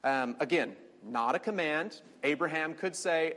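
A man teaching a conversational Bible study, chatty, with fillers and quick quoted asides. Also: fairly high pitch, a bit bright. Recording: long reverberant hall.

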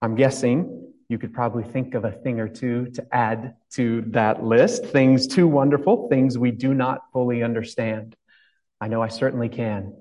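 A man's voice: mid-range voice, fairly even intonation, moderate pace, mellow, rough recording. A male pastor giving a reflective, conversational sermon, asking his congregation questions as he goes.

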